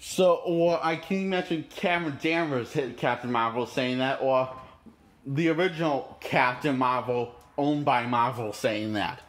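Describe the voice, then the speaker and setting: A man's voice: medium pitch, a little slow. A man reviewing a movie in an indignant, profane, rambling rant. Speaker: movie critic.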